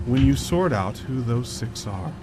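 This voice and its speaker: A man voicing a calm, creepy male cult leader who sounds on the edge of madness. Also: medium pitch, very noisy, close to an everyday voice. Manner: slow, calm and collected, quietly unhinged.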